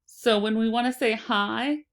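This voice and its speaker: A woman teaching a phonics lesson to children, sounding out and repeating words slowly and deliberately. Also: fairly high pitch.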